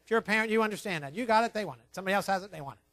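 A man preaching a sermon, emphatic and repetitive, telling his listeners to write points down, swinging between quiet asides and loud stressed words. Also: high-pitched, rapid-fire, no echo. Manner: emphatic, repeats key points, tells listeners to write things down. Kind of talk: sermon on child training.

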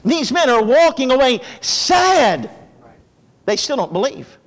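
A man preaching a sermon with impassioned delivery, praying softly and rising with fervor as he expounds Scripture. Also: big pitch swings, slow, big-room sound. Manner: impassioned preaching, drops low for prayer. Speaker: pastor.

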